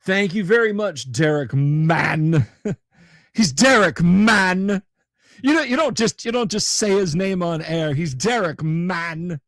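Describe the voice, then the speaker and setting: A man's voice: high voice, moderate pace, a bit bright, no echo. A man hosting a casual live stream from a home studio, rambling and joking with viewers, with stammering restarts. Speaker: livestream host.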